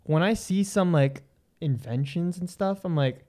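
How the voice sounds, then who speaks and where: A woman's voice: fairly low pitch, a little slow, mellow. A young woman co-hosting a casual chat, rambling with lots of fillers and swearing. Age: young adult. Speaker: podcast co-host.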